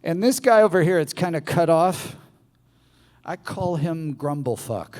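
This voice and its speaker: A man from the American South giving a playful, animated live talk to an audience in a bar venue. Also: on the high side, slow, pauses often. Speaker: public speaker. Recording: venue reverb from live stage.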